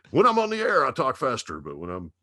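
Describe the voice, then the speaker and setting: A man in his fifties with a Dallas Texas drawl, telling stories slowly and swearing freely as a guest on a casual podcast. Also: medium pitch, pushed and bright, no echo, clean studio sound. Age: 50s. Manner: slow drawling storyteller, heavy swearing. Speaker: radio DJ guest.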